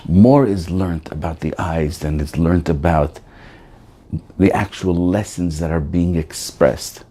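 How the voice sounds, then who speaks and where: A rabbi preaching, telling stories and acting out the voices of the people in them. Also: male voice, deep voice. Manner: animated, acts out voices in his stories. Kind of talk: storytelling sermon.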